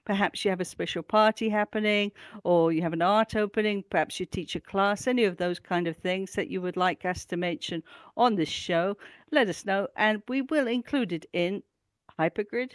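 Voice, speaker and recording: A woman's voice: mid-range voice, normal speed, no room sound. A woman presenting a regular events roundup on a talk show, chatty and enthusiastic, with lots of ums and uhs. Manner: chatty, enthusiastic, with frequent fillers. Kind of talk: casual community news roundup.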